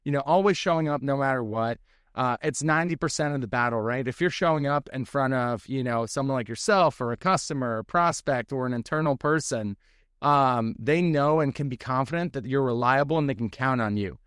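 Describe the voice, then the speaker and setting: A relaxed guest from New Jersey speaking from his home office. His mid-pitched voice is smooth and clear, and the sound is dry and close. He talks easily, with frequent fillers. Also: a little fast, no echo. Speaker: guest, tech leader. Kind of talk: casual interview chat. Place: home office on a video call.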